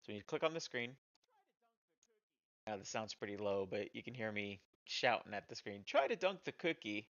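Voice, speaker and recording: A man's voice: on the low side, moderate pace, long pauses, fairly bright tone, highs cut off. A man casually talking about the small games he has made, rambling and self-deprecating with many fillers. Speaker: indie game developer and streamer. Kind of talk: casual chat showing his games.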